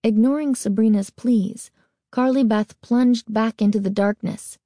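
A woman narrating a children's horror novel in a measured, deliberate reading. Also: mid-range voice, fairly even intonation, dark tone, no echo, studio quality. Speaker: audiobook narrator. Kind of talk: scripted narration.

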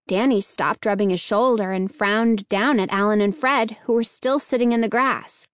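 A woman reading a children's story aloud in slow, measured narration. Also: mid-range voice, fairly even intonation, no room sound, clean studio sound.

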